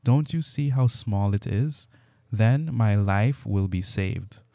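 An anxious man begs and pleads urgently, voiced by a male scripture reader. His voice is low and mellow, dry and close. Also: slow, vocal fry, no room sound. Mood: begging. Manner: begging, urgent. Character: anxious begging male host.

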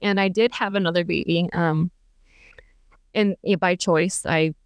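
A young woman speaks candidly about her own life, rambling and chatty with many fillers. Her voice comes through smooth and clean, recorded close and dry with no room sound. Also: fairly low pitch, steady tone, measured pace, no room sound. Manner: chatty, many fillers and restarts, laughs between thoughts. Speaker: podcast guest. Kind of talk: candid personal storytelling.

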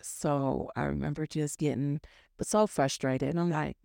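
A woman's voice: low-pitched, steady tone, measured pace, vocal fry, a little mellow, dry recording, clean studio sound. A woman sharing a personal testimony as a church member, talking candidly and conversationally with frequent fillers. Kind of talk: personal testimony, casual storytelling.

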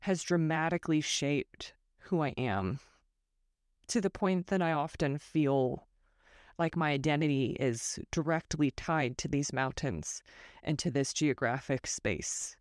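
A woman from Northern California talks alone into a close microphone for her podcast, her voice sitting low and even. She muses thoughtfully, wanders off on tangents and teases herself along the way. The recording is dry, with no room sound around her. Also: unhurried, no echo. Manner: thoughtful, self-deprecating, digressive. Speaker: podcast host. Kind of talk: reflective solo podcast monologue.

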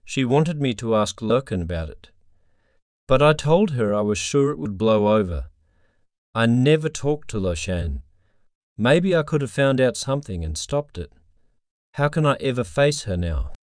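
A man reading the lines of a grieving, guilt-stricken mother in a halting, pained way. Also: medium pitch, sing-song, darkish tone, dry recording, studio quality, close to an everyday voice. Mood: guilty.

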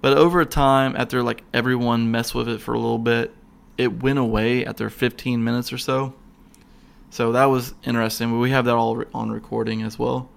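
A man recounts a paranormal investigation in a loose, excitable ramble. His voice carries a gravelly rasp at a middle pitch, and he trips over restarts and fillers as the story tumbles out. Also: fairly quick. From Florida. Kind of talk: casual ghost-hunt storytelling.

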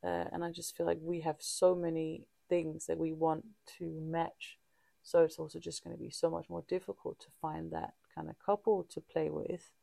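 A woman's voice: sits low, flat delivery, vocal fry, dark tone, dry recording, clean studio sound. A woman co-hosting a podcast, talking candidly and reflectively in casual chat, often restarting her sentences. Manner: halting, frequent restarts and fillers; open and reflective. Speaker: podcast co-host.

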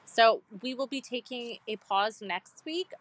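A woman's voice: fairly high pitch, expressive, a little slow, fairly bright tone. A woman co-hosting a casual podcast chat, teasing and playful. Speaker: podcast co-host.

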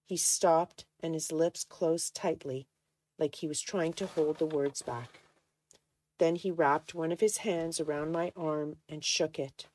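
Low-voiced woman reading a novel. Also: a little slow, darkish tone, no echo. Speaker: reader of a novel. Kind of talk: audiobook narration.

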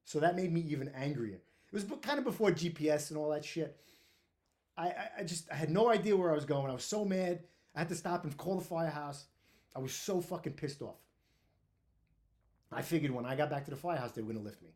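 A man telling his own firehouse story in a blunt, profane, animated way, full of restarts. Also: fairly high pitch, a little fast. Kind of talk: casual storytelling monologue.

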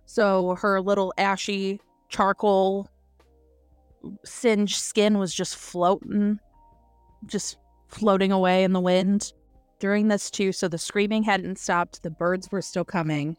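Brief: woman co-host, lively dramatic retelling, mid-pitched voice, dry close sound. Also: slow pace, clean tone, dry recording, faint music behind. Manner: animated retelling with acted-out quotes and swearing. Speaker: podcast co-host. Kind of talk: casual book review chat.

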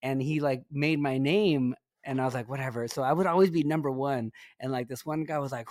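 A man's voice: mid-range voice, fairly even intonation, fast talker, hardly any pauses, a little mellow, no room sound, clean studio sound. A man co-hosting a podcast in casual chat, laughing often and swearing freely. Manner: laughs often, loose and profane. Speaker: podcast co-host.

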